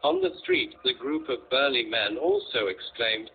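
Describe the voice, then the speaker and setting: Slow man narrating an audiobook, tinny. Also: medium pitch, huge pitch swings, vocal fry. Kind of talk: scripted narration. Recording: tinny, lo-fi, faint noise.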